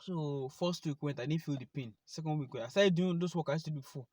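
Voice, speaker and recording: Young Nigerian man, vlogger, quick animated testimony, close dry sound. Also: fairly high pitch, no echo. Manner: animated, talks straight to viewers. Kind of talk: personal testimony to camera.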